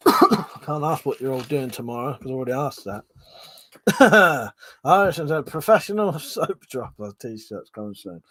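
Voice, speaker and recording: A man's voice: mid-range voice, very animated, unhurried, fairly bright tone, dry recording. A man from Buckinghamshire, hosting a livestream in casual chat, reading out viewer comments, laughing often and swearing freely. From Buckinghamshire, England. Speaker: livestream host.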